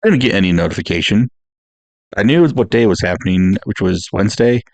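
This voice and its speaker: A laid-back man co-hosts a film podcast with short replies and lots of fillers. His voice is very deep and gravelly, recorded dry and close. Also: lively intonation, fast, darkish tone, dry recording. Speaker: podcast co-host. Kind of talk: casual chat.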